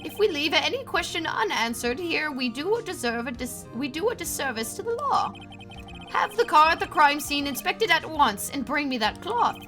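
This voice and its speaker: A woman's voice: high-pitched, big pitch swings, moderate pace, music in the background, voice pushed up. A woman voicing an elderly male judge, reading his formal rulings from a game. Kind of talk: reading game dialogue aloud.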